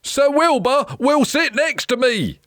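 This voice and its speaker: A man's voice: very high-pitched, lively intonation, slow, a bit bright, dry recording, clean studio sound, voice pushed up, exaggerated voice. A woman voicing a grand, formal king in a children's storybook, announcing in a proclaiming tone. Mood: stately. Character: grand stately king hosting a tournament.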